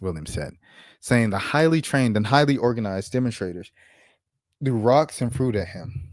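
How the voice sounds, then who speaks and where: A man's voice: mid-range voice, animated, moderate pace, dry recording. A man hosting his own channel, reading news aloud in a casual commentary style with offhand asides. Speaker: channel host.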